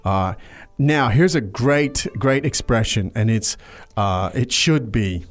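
A man's voice: fairly low pitch, animated, slow pace. Chatty man teaching a language lesson. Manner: chatty, explains with restarts and fillers. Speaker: language podcast host.

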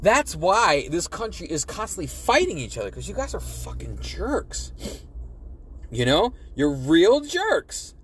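A young man talks in a high, animated voice, swinging up and down in pitch. He rambles, swears often and repeats his own phrases. A faint hum of noise sits behind him. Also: a little slow. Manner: rambling, profane, repeats himself. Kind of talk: casual political rant.

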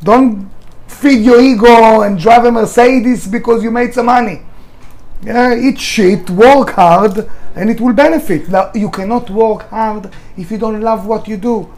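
High-pitched man, middle-aged, blunt, emotional, swears a lot, interview storytelling. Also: steady tone, measured pace, darkish tone. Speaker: restaurant founder.

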